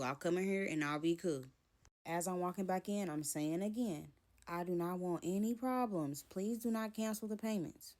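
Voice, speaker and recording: A woman's voice: on the low side, a little mellow. A young woman telling a personal story to camera, animatedly acting out both sides of an argument. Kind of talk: storytime vlog.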